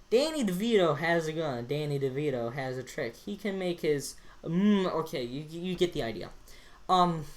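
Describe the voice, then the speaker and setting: A woman's voice: lowish voice, slight background noise. A woman vlogger giving rambling, casual commentary over a screen recording, with many fillers and self-corrections.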